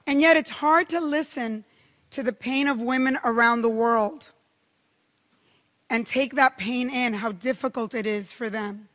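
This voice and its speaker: A middle-aged woman from Cuba giving a keynote speech to a conference audience, telling stories with lively, emphatic pauses. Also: a little high, highs cut off. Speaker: keynote speaker. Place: large hall. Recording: long hall reverb.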